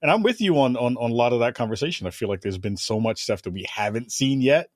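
Brief: a male host, casual questioning discussion, medium pitch, dry mic. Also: expressive, fast, dry recording.

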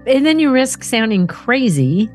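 A woman's voice: fairly high pitch, big pitch swings, unhurried, soft background music. A woman hosting a call-in show, chatting casually and wryly about a caller's story. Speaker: show host. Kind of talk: casual chat.

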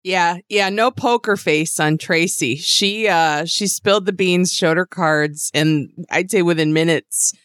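A woman with a lowish voice trades wry, joking remarks while recapping a movie on a podcast. She laughs along easily. The recording is dry and close. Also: a little slow, few pauses, fairly bright tone, clear, resonant tone, no echo. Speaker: podcast co-host. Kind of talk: casual chat recapping a movie.

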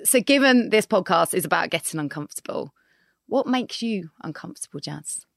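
A woman hosts a casual podcast interview in a playful, friendly way. Her voice sits fairly low but swings widely in pitch. The sound is dry and close. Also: lively intonation, fairly quick, creaky, no echo. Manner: warm, playful, swoops in pitch when amused. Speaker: podcast host.

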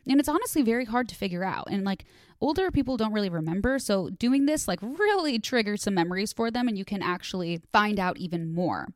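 A woman's voice: mid-range voice, lively intonation, fairly quick, no echo, studio quality. Chatty young woman hosting a podcast. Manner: chatty, gushing, filler-heavy. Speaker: podcast host. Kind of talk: casual podcast chat with ad reads.

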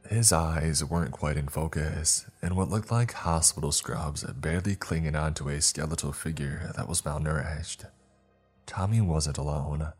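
A man narrating a horror story in a slow, grim, measured reading. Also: very deep voice, darkish tone, breathy edge.

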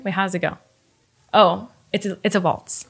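A young woman and mother chatting casually about songs she wrote for her son. She talks quickly and emotionally and often laughs at herself. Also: medium pitch, fairly even intonation, gravelly, over loud music. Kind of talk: casual chat. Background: ukulele.

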